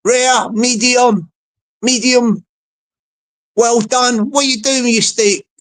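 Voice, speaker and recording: A man's voice: very high-pitched, steady tone, slow, fairly bright tone, full character voice. A man playing a sly male online troll, talking in a sneaky, wheedling way.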